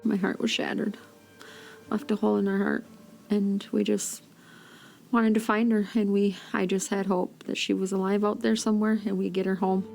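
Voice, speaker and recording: A woman gives a heartfelt, emphatic interview. Her voice is gravelly and mid-pitched, and music plays clearly beneath her. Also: flat delivery, moderate pace, a little mellow. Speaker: relative, interviewee. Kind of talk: emotional interview.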